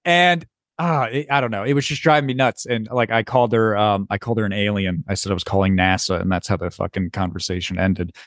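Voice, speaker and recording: A man's voice: on the low side, fast, no echo, studio quality. A young man co-hosting a casual podcast, telling a story with acted-out dialogue and lots of swearing. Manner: animated, profane, exasperated storytelling with acted-out dialogue. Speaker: podcast co-host.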